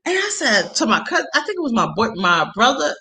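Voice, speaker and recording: A woman telling a personal story in casual chat, animated and laughing often, her voice jumping to loud shrieks when excited. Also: a little high, fast. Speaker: host.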